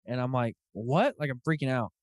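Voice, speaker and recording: A man hosts a hunting podcast, telling stories in an earnest, casual way and acting out the quoted dialogue. His mid-range voice is a little mellow and clean, delivered at normal speed with clean studio sound and no echo.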